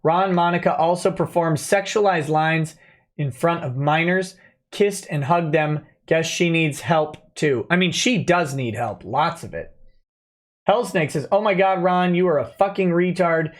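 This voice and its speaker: A man's voice: on the high side, unhurried. A man hosting a late-night livestream, reading viewer messages aloud and reacting with wry, offhand remarks at a desk microphone. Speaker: livestream host.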